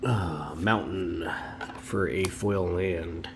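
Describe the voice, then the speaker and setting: This time his voice is low and slow, with a little noise behind it. The same home card-opening host chats away with strong opinions and wandering tangents.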